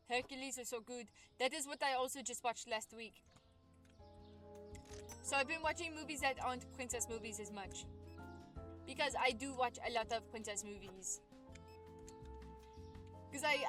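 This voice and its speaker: A young woman streaming a game, chatting casually and cheerfully with her viewers while she plays. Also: a little high. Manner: chatty, bubbly, talks to chat while playing. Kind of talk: casual livestream chat. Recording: game music clearly behind the voice. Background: game music.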